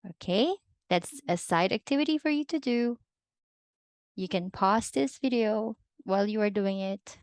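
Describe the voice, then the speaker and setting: A woman teaching a recorded language lesson, modeling words slowly and repeating them for learners to echo. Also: medium pitch, darkish tone, smooth. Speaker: Spanish teacher.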